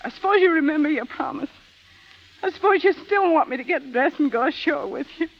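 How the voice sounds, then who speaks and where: A woman's voice: high voice, expressive, brisk, vocal fry, rough recording. A bitter, defiant young woman. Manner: slangy, tough street talk. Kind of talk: 1930s radio drama acting.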